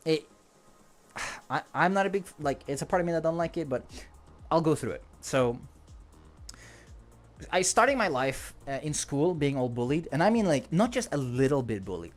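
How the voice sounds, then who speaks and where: A man's voice: a little high, sing-song, normal speed, faint music behind. A man with a non-native English accent chatting casually on a livestream, rambling, joking and laughing often. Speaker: streamer.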